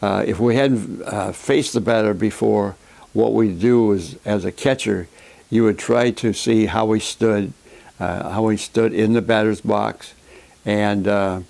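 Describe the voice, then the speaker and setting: Older guy low gravelly voice, telling old ballgame stories, lots of uh's. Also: steady tone, darkish tone. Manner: gravelly, unhurried, with many uh fillers. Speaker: former baseball catcher interviewee. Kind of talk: storytelling reminiscence.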